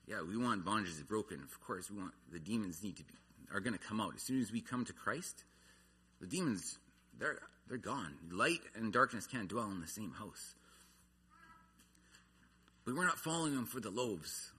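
A man's voice: lowish voice, animated, normal speed, sharp tone, breathy edge. A man preaching a sermon, earnest, his voice rising and falling in intensity. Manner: earnest, rises and falls in intensity.

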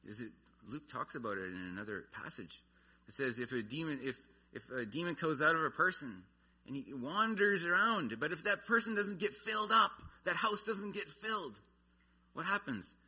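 A man's voice: fairly high pitch, lively intonation, normal speed, pushed and bright, husky. A man preaching a sermon, earnest, his voice rising and falling in intensity. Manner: earnest, rises and falls in intensity.

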